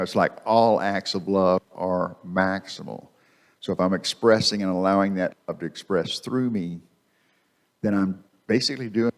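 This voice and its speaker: Man, low-pitched, casual preaching, repeats key phrases, church microphone. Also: darkish tone. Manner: conversational, repeats phrases for emphasis. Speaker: guest speaker. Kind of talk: sermon. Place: church sanctuary.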